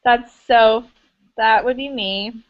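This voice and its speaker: A woman's voice: a little high, steady tone, slow pace. A woman fashion publicist joining a podcast as a guest over a video call, giggly and self-deprecating. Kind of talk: casual podcast chat. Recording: dull, noisy video-call audio.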